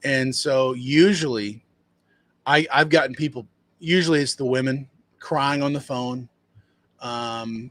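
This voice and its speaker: A man's voice: a little slow, fairly bright tone, dry recording. A man running a dumpster rental business, telling a customer story in a rambling, casual way and acting out what people said. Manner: rambling, conversational, acts out quotes in a higher voice.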